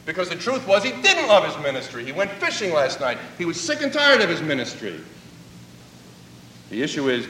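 A man's voice: on the high side, huge pitch swings, fairly quick, bright, forceful tone, slight background noise. A man preaching a sermon, telling a story and acting out its dialogue. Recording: echoey hall, voice from a distance.

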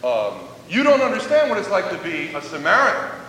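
Guarded protesting woman played by a man, climbing pitch, lively swings, echoey hall with faint rumble. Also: fairly quick, heavily acted. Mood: defensive. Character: defiant Samaritan woman, sharp and guarded.

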